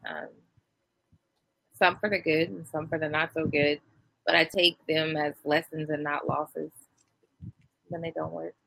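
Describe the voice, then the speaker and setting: A woman co-hosting a casual talk show, giving measured, thoughtful opinions. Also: deep voice, flat delivery, gravelly, fairly bright tone, dry recording, rough recording. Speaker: co-host. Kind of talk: casual chat.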